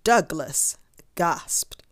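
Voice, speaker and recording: Slow, expressive woman reading a children's story. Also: on the low side, no room sound, studio quality. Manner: expressive, asks the listener questions. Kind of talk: children's story read-aloud.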